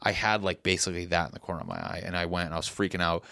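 Low-voiced man rambling in casual chat. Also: fairly even intonation, rapid-fire, creaky, pushed and bright, clear, resonant tone, dry recording, studio quality. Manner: rambling, profane, self-interrupting storytelling. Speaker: stand-up comedian, podcast guest.

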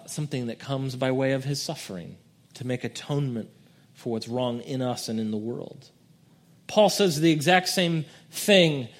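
A man preaching a sermon in a casual, conversational way, swinging between soft reflective passages and loud emphatic peaks. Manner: conversational preaching, dramatic swings in pitch and volume. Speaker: pastor.

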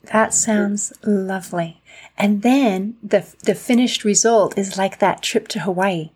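A woman's voice: medium pitch, measured pace, darkish tone, slightly rough. A woman hosting an interview, reflecting on and summing up her guest's points in casual chat. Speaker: podcast host.

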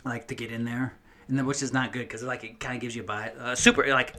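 A man's voice: mid-range voice, level tone, fast, bright, forceful tone. A young man casually telling a long story on a podcast, rambling and cursing, with lots of fillers and restarts.

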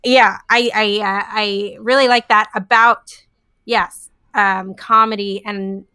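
A woman's voice: medium pitch, fairly even intonation, slow, bright, forceful tone, clear, resonant tone, no echo, clean studio sound. A young woman, a comedian and scientist, chatting casually in an interview with many fillers and frequent laughs. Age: young adult.

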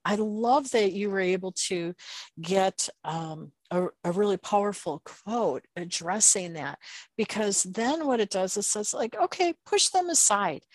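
A woman's voice: mid-range voice, measured pace, darkish tone, dry recording. A woman hosting a podcast interview, speaking with emphatic enthusiasm. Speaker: podcast host.

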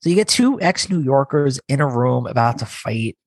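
A man's voice: mid-range voice, sing-song, no echo. A man co-hosting a podcast in casual chat, teasing and scolding his co-host. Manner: teasing, scolding, quick to push back.

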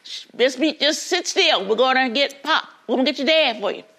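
Woman doing a kind, gentle young man. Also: high voice, fairly quick. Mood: urgent.

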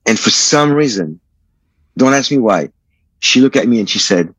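A man's voice: medium pitch, expressive, moderate pace, pauses often, fairly bright tone, husky, no room sound. A middle-aged man from France, earnestly telling his personal testimony as a guest in a radio interview. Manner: earnest, reflective storytelling.

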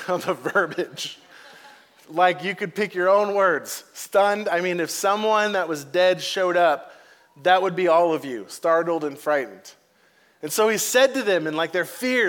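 A male pastor preaching a sermon in a casual, conversational way, acting out quotes in lively voices. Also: high-pitched, normal speed. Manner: animated, acts out quotes in varied voices.

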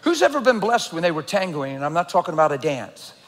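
A man preaching a sermon as a pastor, telling a story with loud excited bursts and hushed earnest stretches. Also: a little high, fast talker. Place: large church hall. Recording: reverberant church hall.

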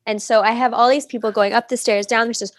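A woman's voice: on the high side, fairly even intonation, fast talker, dry recording. A woman in her thirties, a podcast guest, telling a personal story in a casual, chatty way with lots of "like" fillers. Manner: chatty, many "like" fillers, acts out quoted speech.

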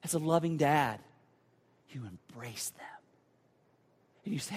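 A man preaching a sermon as pastor, earnest and building to emphatic points before turning hushed and prayerful. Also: on the high side, animated, measured pace, long pauses, breathy edge, long reverb tail.

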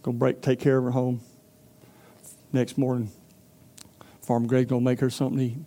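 Folksy pastor, mellow tone. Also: male voice, mid-range voice, completely flat delivery, brisk. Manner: folksy storytelling, acts out character voices. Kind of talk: sermon.

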